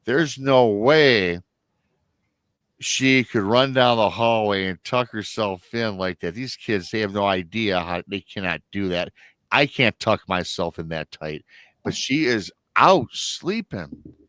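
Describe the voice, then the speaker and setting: A middle-aged Michigan man appearing as a guest on a live stream tells a family story, rambling and restarting as he acts out what his relatives said. His lowish, fairly bright voice moves slowly, with no echo.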